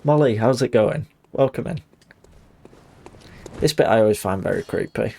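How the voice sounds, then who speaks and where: A man's voice: medium pitch, moderate pace, vocal fry, a little mellow, husky. A man casually commenting on a game while greeting chat and laughing often. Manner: chatty, laughs easily, reads chat. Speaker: game streamer.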